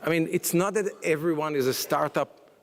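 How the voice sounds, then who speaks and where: A man's voice: a little high, normal speed. A man giving a conference panel talk, hesitant with many fillers and restarts, in a conference hall. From Israel. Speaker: panel speaker. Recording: long reverb of a large hall.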